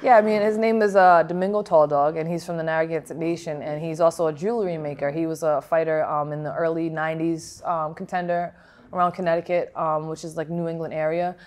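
A woman's voice: low voice, steady tone, brisk, darkish tone. A woman boxer from Rhode Island, answering interview questions frankly and reflectively, with many fillers and restarts. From Providence, Rhode Island, USA. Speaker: professional boxer.

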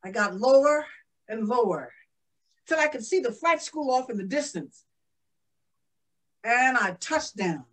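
A woman's voice: fairly high pitch, expressive, measured pace, pauses often, a bit bright, recorded from a distance, low-quality recording. A woman playing a proud, emotional young woman aviator in a first-person living-history monologue. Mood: calm. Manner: exclaiming, breathless with joy. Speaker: historical portrayal performer.

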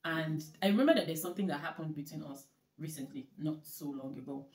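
A woman hosting her own vlog, telling stories in animated casual chat with frequent laughter. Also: low voice, fast talker, crowd noise. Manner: animated storytelling, laughing often. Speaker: vlogger host. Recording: echoey room.

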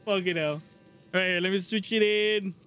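Excitable high-voiced male streamer. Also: normal speed, smooth. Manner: excitable, swears a lot, laughs loudly, jokes with chat. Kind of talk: live gameplay commentary.

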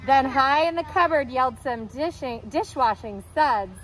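Expressive woman reading to children. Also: high voice, measured pace, a little hiss or hum, rough recording. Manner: expressive, sing-song, playful voices for characters. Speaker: childcare teacher reading aloud. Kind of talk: read-aloud storytime for children.

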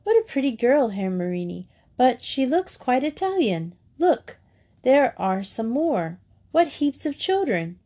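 A woman voicing an impulsive, rude English schoolgirl with a quick temper and an indignant manner. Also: high-pitched, sing-song, dark tone, pitched above the performer's own voice, full character voice. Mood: chattering, excited.

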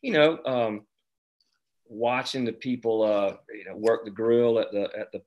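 A man's voice: on the low side, fairly even intonation, measured pace, highs cut off. A man from South Carolina, an author talking casually about his writing, wandering through restarts and fillers. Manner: rambling, lots of restarts and "you know". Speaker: author discussing his novel. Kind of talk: casual conversation.

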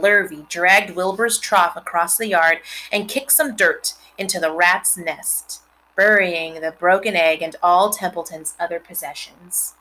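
A woman reading a children's novel aloud, expressive, with chatty asides to her listeners. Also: on the low side, measured pace, poor audio. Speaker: reader.

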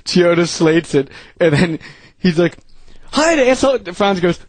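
High-voiced man telling rowdy stories. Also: steady tone, a little slow, no room sound. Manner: rambling storyteller, imitates friends with laughs. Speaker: radio show host. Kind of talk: casual banter with friends.

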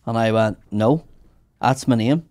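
A man's voice: mid-range voice, a little slow. A man, a comedian telling sweary stories in casual podcast chat. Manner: animated, sweary storytelling.

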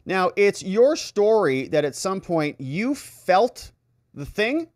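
A man's voice: medium pitch, very animated, moderate pace, a little mellow, no room sound, clean studio sound, natural voice. A man quoting a blunt male defense attorney, read in a pressing, sarcastic tone.

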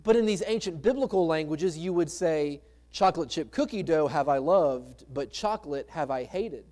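Male pastor, slightly high pitch, relaxed conversational sermon delivery with rhetorical questions. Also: moderate pace. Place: church sanctuary.

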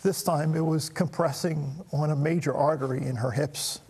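A middle-aged man tells a personal story, stopping and restarting as emotion catches him. His voice has a gravelly edge, and it carries a long reverb, as if recorded in a hall. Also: on the high side, steady tone, a little mellow. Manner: halting, emotional, many restarts. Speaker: talk show host.

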